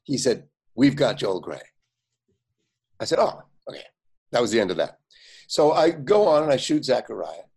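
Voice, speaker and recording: An older man, a guest, telling anecdotes in an animated way, acting out other people's lines and often laughing. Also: medium pitch, normal speed, gravelly, long pauses, husky. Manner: animated storyteller, quotes others in lively voices, frequent fillers and laughs. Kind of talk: anecdotal storytelling.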